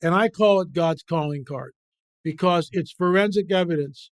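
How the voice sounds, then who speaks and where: A male guest author and biblical researcher speaks in an impassioned interview, emphatic and repetitive, pelting out rhetorical questions with fervent conviction. His voice is high and moderately paced, recorded cleanly in a studio with no room sound.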